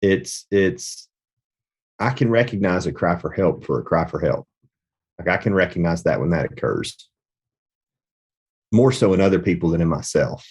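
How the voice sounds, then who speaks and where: A man's voice: sits low, expressive, normal speed, long pauses, darkish tone, breathy edge. A middle-aged man hosting a podcast, telling a personal story in a rambling, reflective way with many restarts. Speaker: podcast host. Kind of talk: casual podcast conversation.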